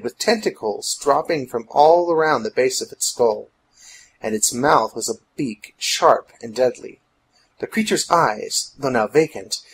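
A man's voice: mid-range voice, husky, low-quality recording. A man narrating a steampunk adventure story in a dramatic storytelling manner. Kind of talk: scripted audiobook narration.

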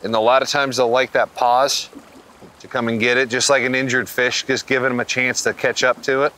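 A man's voice: mid-range voice, little pitch movement, a little fast, bright, forceful tone, slight background noise. A man working as a fishing guide, patiently explaining how to fish a streamer on a river. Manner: instructive, patient. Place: outdoors on a river.

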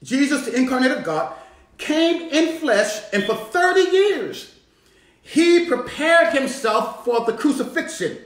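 A man preaches from the pulpit, his high voice swooping and climbing as he calls the church to respond. The sound rings around a roomy sanctuary. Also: expressive, measured pace. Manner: rising, shouting preaching with call-and-response. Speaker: bishop. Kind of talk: sermon.

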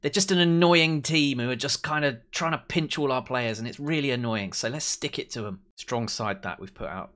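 A young man commentating on his own football management game, excitable, cheering his team and mocking rivals. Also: medium pitch, moderate pace. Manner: excitable, swears and mocks players. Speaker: let's play host.

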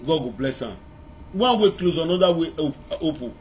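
Male vlogger, Nigerian Pidgin accent, a bit high-pitched for a man; rambling live-phone monologue with chanted praise calls. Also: animated, normal speed. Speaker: social media vlogger. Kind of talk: casual live-video monologue. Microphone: phone held to face.

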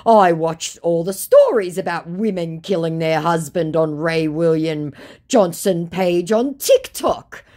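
A woman's voice: fairly low pitch, slow pace, mellow, voice pushed up. A woman reading out the messages of a pushy young male scammer in a pleading, insistent voice.

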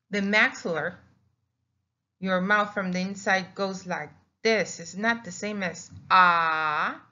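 Spanish-native woman teacher, unhurried, demonstrative, muffled lo-fi audio. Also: medium pitch, steady tone, bright, forceful tone. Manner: explanatory, repeats words, demonstrates vowel sounds. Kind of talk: recorded classroom lesson. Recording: dull lo-fi recording.

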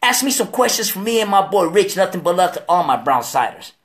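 A high-voiced, brisk male show host from Delaware chats casually on a live stream. Expect profane street slang and animated storytelling packed with impressions of other people.

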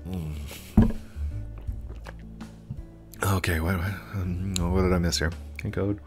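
A man's voice: sits low, fairly even intonation, slow, music in the background. A man chatting casually and rambling while he plays a game, easily distracted. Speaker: gaming YouTuber. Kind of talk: casual gameplay commentary.

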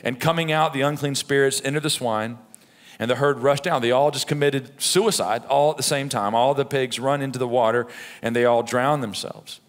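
A middle-aged pastor preaching a sermon in a conversational, storytelling way, with frequent "right?" asides. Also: male voice, mid-range voice, moderate pace. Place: church sanctuary. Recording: long reverb of a church hall.

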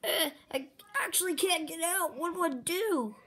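A woman's voice: very high-pitched, moderate pace, a bit bright. A woman voicing a whiny, dramatic female chicken plushie who loves pizza, in a home toy skit. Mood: panicked. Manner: whiny, dramatic, complains and wails. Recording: echoey room with background noise.

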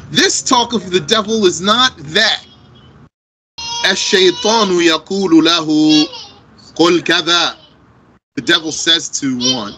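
Male religious teacher, measured lesson delivery, bright tone, faint background noise. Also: sits high, rough recording. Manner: explains Arabic texts line by line in English, slow and deliberate.

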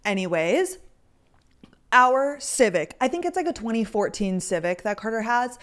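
A young woman hosts a podcast, chatting casually into a microphone at a moderate pace. Her fairly high voice is expressive and a bit bright, and she tells stories packed with "like" fillers.

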